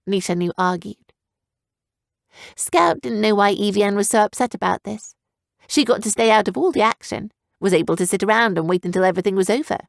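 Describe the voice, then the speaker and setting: A woman narrating a young adult fantasy audiobook in a steady, even storytelling manner. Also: mid-range voice, a little fast, gravelly, dry recording, studio quality. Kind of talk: scripted narration.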